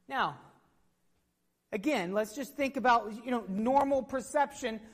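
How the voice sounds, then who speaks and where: A woman's voice: sits high, moderate pace, long reverb tail. A woman preaching a sermon to her congregation, telling the story with energy and putting questions to the listeners.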